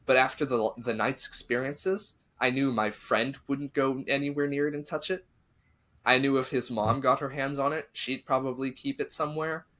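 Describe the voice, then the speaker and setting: Speaking at normal speed in a medium-pitched voice, a man on his podcast spins a spooky story conversationally. He performs what each person in the story said with animated flair.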